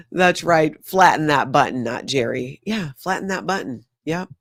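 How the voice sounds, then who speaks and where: A woman's voice: deep voice, very animated, a little slow, creaky, breathy edge, dry recording, clean studio sound. A woman hosting a casual news recap livestream, talking straight to her viewers in a sarcastic, chatty way. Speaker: host of a news recap channel.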